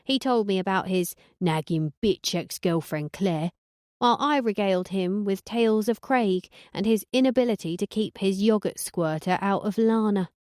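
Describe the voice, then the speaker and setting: Deadpan woman narrator, dry and close. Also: medium pitch, moderate pace, no room sound. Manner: sardonic, deadpan. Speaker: audiobook narrator. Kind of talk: first-person audiobook narration.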